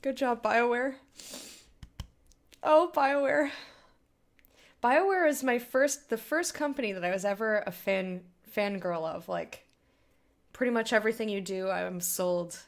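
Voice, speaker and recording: A woman with a slightly high voice chats through a game playthrough. Her commentary is casual and openly emotional, full of quick reactions. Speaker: let's play host.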